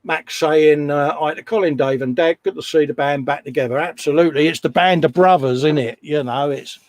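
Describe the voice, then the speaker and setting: A man's voice: fairly high pitch, fairly quick, no room sound. A man co-hosting a live stream, casually chatting and reading out viewer messages with a jokey, laughing manner.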